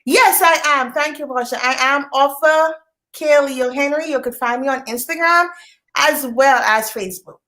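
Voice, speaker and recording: A woman author as an interview guest, talking in a warm, grateful, emotional way. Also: high-pitched, normal speed. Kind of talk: live online interview.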